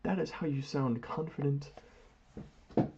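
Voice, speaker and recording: A man's voice: on the high side, unhurried, vocal fry, background noise. A man rambling through a philosophical monologue while he doodles, drifting into mock-grand phrasing. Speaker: vlogger. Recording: dull lo-fi audio.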